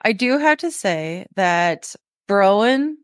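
A woman's voice: mid-range voice, big pitch swings, slow pace, no echo, studio quality. Playful young woman co-host. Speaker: podcast co-host. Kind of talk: casual book chat.

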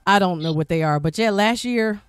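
A woman's voice: mid-range voice, fairly quick, clear, resonant tone, no room sound, faint music behind. A middle-aged woman guest-hosting a podcast, telling stories in a chatty, rambling way. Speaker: guest host. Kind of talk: casual podcast chat.

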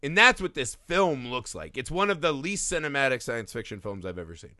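A man's voice: mid-range voice, expressive, brisk, sharp tone, no room sound. A man co-hosting a podcast, chatting casually and animatedly about a movie, swearing and mocking scenes. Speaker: podcast co-host. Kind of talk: casual movie-review chat.

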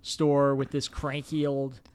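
A man's voice: mid-range voice, slow pace, clean tone, no echo. A man co-hosting a podcast in casual chat, telling the story and acting out the characters' lines with animation. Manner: animated, acts out quotes from the film. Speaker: podcast co-host.

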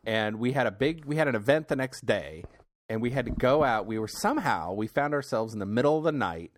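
A man co-hosting a podcast in easygoing casual chat, hesitant and quick to laugh. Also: mid-range voice, animated, a little hiss or hum. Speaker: podcast co-host.

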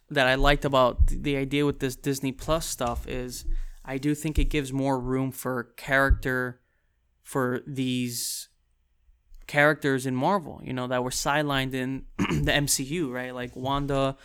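A man's voice: mid-range voice, a bit bright, clean tone. A man casually recapping and reviewing a TV episode, rambling with frequent restarts and fillers. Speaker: TV show reviewer.

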